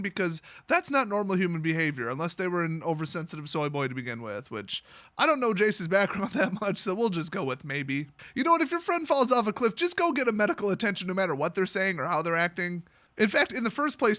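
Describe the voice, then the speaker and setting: A man's voice: high voice, bright, forceful tone, no echo. A young man hosting a casual, sarcastic recap of a fantasy story, mocking it in slang-heavy talk. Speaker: YouTube host.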